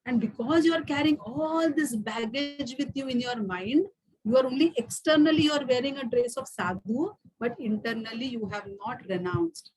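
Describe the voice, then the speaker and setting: A woman with an Indian accent voicing a calm, wise holy man who gently gives advice. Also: high voice, normal speed, natural voice, poor audio. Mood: calm advising. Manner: gentle, patiently advising.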